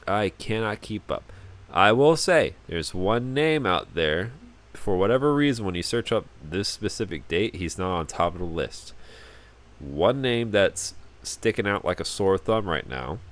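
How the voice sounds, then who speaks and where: Deep-voiced man with a lively, bouncing delivery. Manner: rambling, repeats words when starting sentences. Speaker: podcast host. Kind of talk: casual solo podcast monologue.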